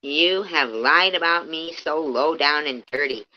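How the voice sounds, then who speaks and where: A woman ranting angrily on a livestream, swearing heavily and swinging between low muttering and loud outbursts. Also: measured pace. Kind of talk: angry ranting livestream commentary. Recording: dull lo-fi stream audio.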